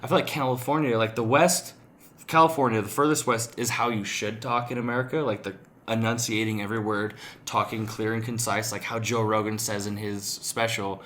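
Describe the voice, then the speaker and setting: A man's voice: lowish voice, fairly even intonation, brisk, a bit bright, slight background noise. A young man co-hosting a podcast, chatting casually in a rambling, blunt way and swearing often. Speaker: podcast co-host. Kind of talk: casual chat.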